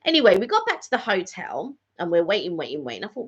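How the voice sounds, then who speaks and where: Her voice sits at medium pitch, slightly rough, racing along quickly with huge swings in pitch. The middle-aged vlogger chats and rambles through a live catch-up, repeating phrases a lot, recorded in dull lo-fi quality.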